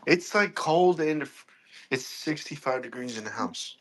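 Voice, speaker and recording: A man's voice: medium pitch, lively intonation, normal speed, heavy background noise. A man hosting a casual chat, rambling, slangy, and repeating himself. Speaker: podcast host.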